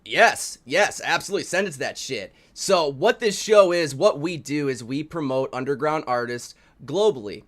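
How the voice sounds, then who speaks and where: A man co-hosting an underground music review stream in crude, profane banter, swinging between low mutters and sudden yelled outbursts. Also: expressive, normal speed, hardly any pauses. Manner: loud, swearing, drops to low mutters, yells outbursts. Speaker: co-host of an indie music review show.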